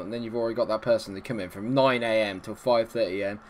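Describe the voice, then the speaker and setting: A man hosting a gaming channel, giving excitable, ranting commentary on his own game. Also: fairly low pitch, quick pace, hardly any pauses, a little hiss or hum.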